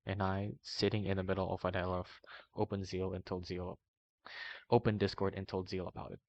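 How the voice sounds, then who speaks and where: A man reading a long document aloud in a steady way, now and then stumbling and correcting himself, in a dull, slightly muffled recording. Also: deep voice, brisk. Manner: steady reading with small slips and self-corrections. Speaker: reader of a document. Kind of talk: long read-aloud narration.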